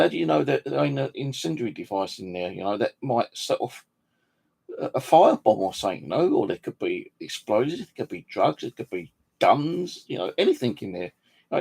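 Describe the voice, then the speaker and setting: Indignant gravelly-voiced man. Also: mid-range voice, big pitch swings, brisk, darkish tone. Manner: swears freely, indignant, retells dialogue. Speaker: vlogger. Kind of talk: angry storytelling monologue.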